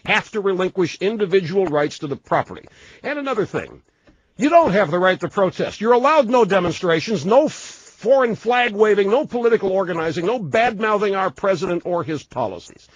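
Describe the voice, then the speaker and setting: A man's voice: high voice, big pitch swings, a little fast, dry recording, low-quality recording. A man giving a stern, lecturing political speech.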